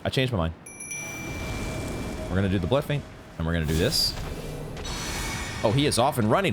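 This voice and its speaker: A man giving excitable, swear-laden commentary while playing a video game. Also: medium pitch, fairly quick, long pauses, over music. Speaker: gaming channel host. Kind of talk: live gameplay commentary.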